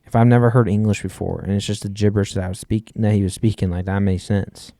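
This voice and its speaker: A man's voice: fairly low pitch, steady tone, quick pace, dark tone, no room sound. Guy on a podcast arguing, keeps restarting, darkish voice, dry sound. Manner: insistent, keeps restarting his point. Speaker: podcast co-host. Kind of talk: casual argumentative chat.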